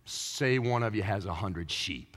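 A man, a pastor, preaching a sermon with joking asides, moving between quiet talk and shouting. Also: lowish voice, lively intonation, a little slow, a little hiss or hum. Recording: echoey hall.

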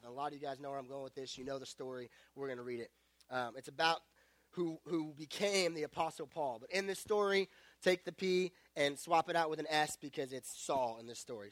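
A young man preaching to a youth group, retelling a story in casual, animated words and joking along the way. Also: on the high side, dry recording. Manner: casual, animated storytelling with self-aware jokes. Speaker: youth pastor.

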